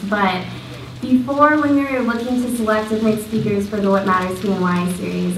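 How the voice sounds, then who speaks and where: Young woman student host, chatty with fillers, distant roomy sound, slight hiss. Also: medium pitch. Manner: chatty and halting, many fillers. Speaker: student event organizer introducing the speaker. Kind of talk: casual introduction speech. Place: lecture hall.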